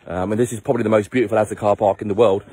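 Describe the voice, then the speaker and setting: A man's voice: lowish voice, fairly even intonation, racing, darkish tone, slightly rough, no room sound. A man leading a charity motorbike trip, talking to his handheld phone camera outdoors on a headland, chatty and rambling, tired from little sleep. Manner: rambling, self-mocking, chatty. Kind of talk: casual vlog to camera.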